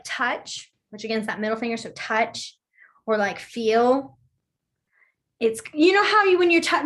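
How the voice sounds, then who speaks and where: A woman's voice: a little high, fairly bright tone. A young woman, teaching a beginner sign language class in a chatty, rambling way. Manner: chatty, rambling, apologizes for sidetracks. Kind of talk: casual online class teaching.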